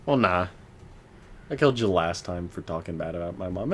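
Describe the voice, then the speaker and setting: A man's voice: low-pitched, lively intonation, brisk. A young man co-hosting a casual podcast, teasing his friend and laughing often. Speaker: podcast co-host. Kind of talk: casual chat.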